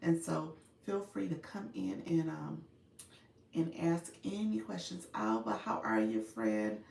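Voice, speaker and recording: A woman's voice: low-pitched, expressive, unhurried, creaky, a little mellow, recorded from a distance. Chatty Chicago woman on a live stream. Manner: chatty, laughs often, greets viewers by name. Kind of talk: casual live-stream chat. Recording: echoey room, voice a bit off-mic.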